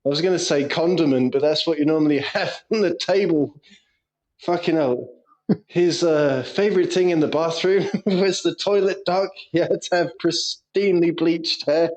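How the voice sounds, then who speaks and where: A man's voice: a little high, moderate pace, darkish tone, low-quality recording. Laughing, sweary podcast man. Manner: sweary, laughs a lot, storytelling. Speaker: podcast co-host. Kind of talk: casual banter.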